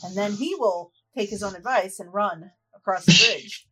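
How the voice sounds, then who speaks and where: A woman narrates a tabletop fantasy game as its game master, describing every charge and claw. Her delivery is lively and descriptive, with quick laughs between rolls. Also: mid-range voice, slightly rough.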